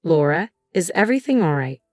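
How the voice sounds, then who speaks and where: A woman reading the lines of a worried, caring husband in a gentle, reassuring way. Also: fairly low pitch, big pitch swings, a little fast, dry recording, studio quality. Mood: concerned.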